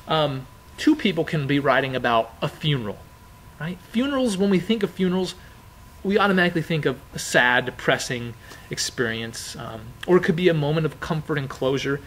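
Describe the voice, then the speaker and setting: Chatty man teacher, higher voice. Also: fairly bright tone, slight background noise, rough recording. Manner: conversational, repeats key phrases, frequent fillers. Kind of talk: informal classroom explanation.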